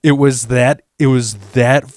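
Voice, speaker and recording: A man tells a long comic story on his channel, rambling and swearing constantly. His voice sits at an average pitch. The sound is dry and close, with no room echo. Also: steady tone, measured pace, a little mellow. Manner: profane, rambling, restarts. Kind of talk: comedic storytelling vlog.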